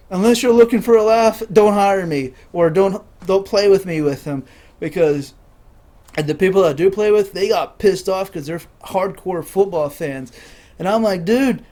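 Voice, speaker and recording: A young man telling rambling comic stories, laughing at his own jokes and acting out voices loudly. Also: high-pitched. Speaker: comedian.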